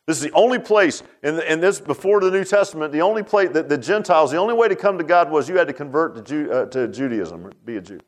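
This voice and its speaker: A man's voice: a little high, expressive, quick pace, hardly any pauses. Man preaching with rhetorical questions. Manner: conversational preaching, rhetorical questions, swings between loud and hushed. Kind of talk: sermon.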